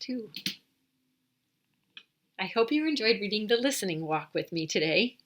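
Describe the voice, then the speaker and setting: A woman reads a picture book aloud to young children in a storytime session. Her voice swoops high and low, clear and bright, as she pauses to ask questions and mimic animal noises. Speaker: storytime host.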